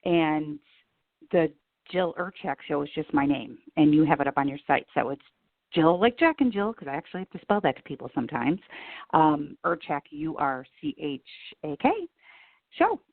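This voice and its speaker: A woman from the Chicago area, a radio reporter guesting on a podcast, telling stories in an animated, self-deprecating way. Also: deep voice, normal speed, gravelly, dry recording. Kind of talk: casual interview chat. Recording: tinny phone-like sound.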